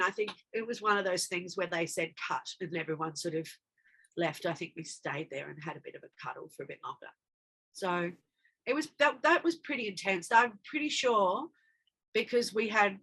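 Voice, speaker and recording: An actress appears as a guest in a casual interview, speaking with bright, clear energy at a medium pitch. She tells her stories animatedly and slips into the dialogue she's recalling.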